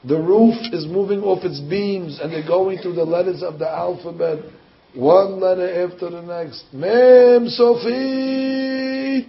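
A man's voice: fairly high pitch, steady tone, moderate pace, creaky, hardly any pauses. A man preaching, telling a story animatedly, with restarts and sudden soaring emphasis. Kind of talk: sermon storytelling. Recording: dull lo-fi recording.

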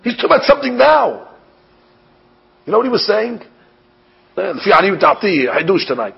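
A man preaches in a high, raspy and gravelly voice, firing off rhetorical questions and dropping in Hebrew terms. The recording sounds dull and lo-fi. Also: sing-song, a little fast. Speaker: rabbi giving a Torah class. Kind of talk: sermon.

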